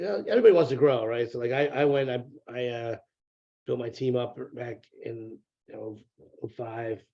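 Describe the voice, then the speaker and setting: A mellow, warm-toned man speaks in a casual interview, rambling through repeated words and dropping the odd curse. His voice arrives over a dull, lo-fi remote line. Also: medium pitch. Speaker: real estate broker, podcast guest.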